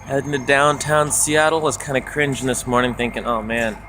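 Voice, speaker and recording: A man's voice: medium pitch, brisk. Young man, street vlog, chatty and upbeat, mid-range voice, traffic noise behind. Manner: upbeat, chatty, animated retelling with raised acted quotes. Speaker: street book distributor. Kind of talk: casual vlog monologue. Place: outdoors on a foggy city street. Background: city traffic and street ambience.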